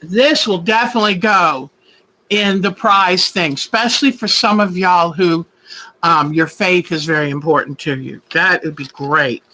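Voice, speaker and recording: A man's voice: high-pitched, unhurried, pushed and bright, low-quality recording. A man hosting a quilting live stream, chatting in an effusive, gushing way with viewers. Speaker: quilting show host. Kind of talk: casual live-stream chat.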